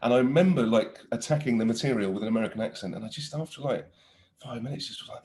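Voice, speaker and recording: A man in his forties, an actor telling stories in a casual interview, animated and laughing often with many restarts. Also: mid-range voice, fast. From Britain.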